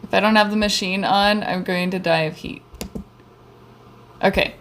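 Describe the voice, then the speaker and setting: A young woman livestreams from her home studio while painting, chatting into a desk mic in a bubbly, rambling manner that trails off and restarts. Her medium-pitched voice is a bit bright and steady, at a moderate pace. There's slight background noise.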